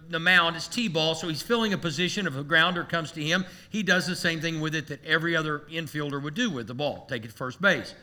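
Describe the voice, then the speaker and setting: A pastor preaching to his congregation with a very bright, ringing voice pitched a little high for a man. He spins a humorous story with animated, playful energy. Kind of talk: sermon.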